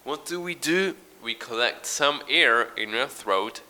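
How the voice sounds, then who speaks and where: A man's voice: mid-range voice, expressive, unhurried, bright, forceful tone. A man teaching English pronunciation, explaining patiently, modelling sounds and reading a short text aloud. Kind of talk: recorded pronunciation lesson.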